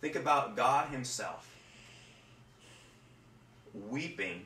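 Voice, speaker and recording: A man who is a pastor, reading scripture and preaching at home in an earnest, halting way that repeats words. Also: medium pitch, animated, sharp tone, far from the mic. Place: home room. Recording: roomy echo, voice from off-mic, faint room noise.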